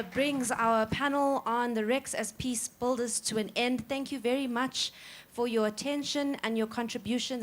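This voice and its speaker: A woman moderating a panel, closing it with measured, filler-laden remarks. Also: on the high side.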